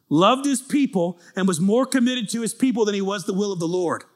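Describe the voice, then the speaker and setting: High-voiced man preaching with dramatic intensity. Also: a little fast, hardly any pauses. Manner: animated, dramatic storytelling, builds to near-shouting. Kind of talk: sermon.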